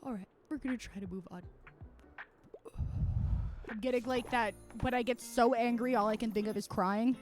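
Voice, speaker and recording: A woman's voice: on the high side, steady tone, normal speed, long pauses, soft background music. A woman streamer chatting casually at home while she plays, rambling and venting with plenty of swearing. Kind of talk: casual livestream chat while gaming.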